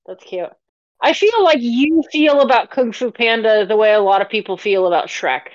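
A woman's voice: fairly high pitch, expressive, moderate pace, no room sound, highs cut off. A woman co-hosting a podcast in casual chat, talking freely and leaning on "like" as she thinks aloud. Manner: chatty, leans on "like" as a filler. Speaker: podcast co-host.

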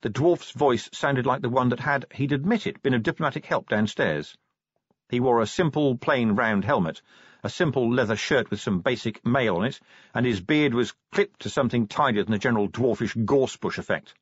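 A man narrating an audiobook in a dry, expressive storytelling manner. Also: medium pitch, normal speed, slightly rough, no echo, muffled recording.

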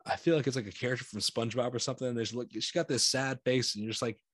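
A man's voice: medium pitch, fairly even intonation, racing, breathy edge, no echo, studio quality. A man with an American accent co-hosting a podcast, talking in a loose, rambling way, laughing often and acting out his own reactions. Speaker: podcast co-host. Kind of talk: casual chat.

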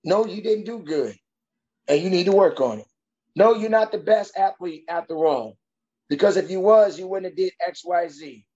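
A man's voice: sits high, moderate pace, dark tone, dull audio. A man who works as a coach, talking bluntly and emphatically in a conversation and giving tough-love advice. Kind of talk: podcast conversation.

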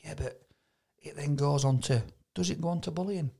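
A man's voice: on the high side, normal speed, creaky, mellow. A man with a Yorkshire accent, co-hosting a podcast chat, talking in a rambling, storytelling way with lots of restarts. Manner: chatty storyteller, stumbles and repeats words. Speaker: podcast co-host. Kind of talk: casual chat.

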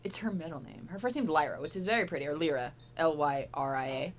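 A woman's voice: sits low, quick pace, slight background noise. A woman co-hosting a podcast, joking and swearing freely in casual chat. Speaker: podcast co-host.

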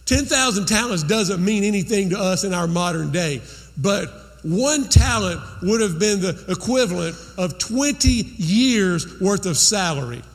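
A man's voice: high-pitched, in a large hall. A man preaching a sermon as pastor, conversational and repeating phrases for emphasis.

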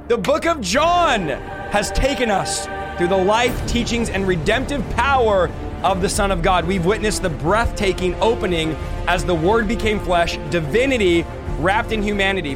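A man with a high-pitched voice leads a Bible study with lively, dramatic energy. He talks casually and playfully to his audience as the show's host. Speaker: podcast host and Bible teacher.

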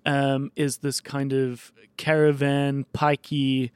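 A male podcast host in casual chat, rambling quickly with lots of fillers and the odd swear. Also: medium pitch, little pitch movement, smooth, no echo, studio quality. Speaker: podcast host running a mock video store.

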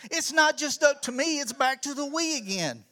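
This middle-aged man has an extremely high pitch and speaks at a normal speed. Serving as a children's ministry pastor, he gives a vigorous, preacher-like church talk that swells into emphatic shouts.

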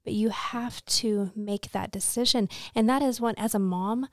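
A woman's voice: on the high side, steady tone, moderate pace, no room sound, studio quality. A woman and mother co-hosting a faith podcast, speaking in an encouraging, affirming way. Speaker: podcast co-host.

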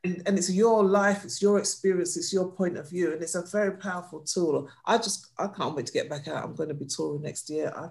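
A woman's voice: lowish voice, fairly quick, gravelly, hardly any pauses, darkish tone. Emphatic British woman comedian. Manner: emphatic, repeats for stress. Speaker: comedian guest. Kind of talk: podcast conversation.

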